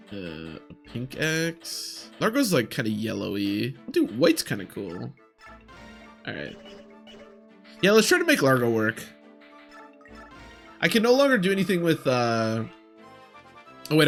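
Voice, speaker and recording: A young man commentating on a strategy game in a casual, rambling way, thinking aloud. His voice is mid-pitched. Faint game music plays behind him. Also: vocal fry, fairly bright tone. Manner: rambling, self-talking. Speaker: gaming streamer.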